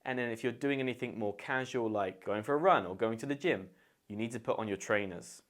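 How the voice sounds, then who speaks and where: British male English teacher; casual, playful, mid-pitched delivery. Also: brisk. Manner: chatty, explains words with playful examples.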